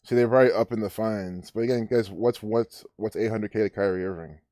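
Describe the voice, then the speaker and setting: A man's voice: lowish voice, brisk, dark tone, no room sound, studio quality. Rambling man ranting on a live stream. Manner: rambling, ranting, many restarts. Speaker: livestream host. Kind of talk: casual live-stream commentary.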